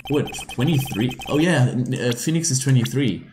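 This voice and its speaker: A man's voice: medium pitch, lively intonation, moderate pace, background noise. A man casually commenting as he plays a video game, chatty and self-mocking. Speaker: let's play host. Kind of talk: casual let's play commentary. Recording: roomy room with game music.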